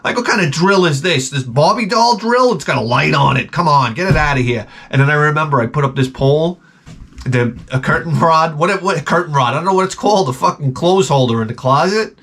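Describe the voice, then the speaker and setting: A middle-aged man telling stories in a casual vlog, profane and animated, ranting and acting out his own exasperated reactions. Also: a little high, brisk. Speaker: vlogger showing garage sale finds.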